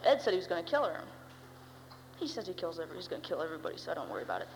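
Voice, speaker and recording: A woman's voice: lowish voice, very animated, very fast. Rambling wry teen girl in a reverberant hall. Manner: rambling, wry, full of "you know" and "uh". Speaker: speaker sharing her story. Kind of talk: personal recovery testimony. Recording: long hall reverb with faint hum.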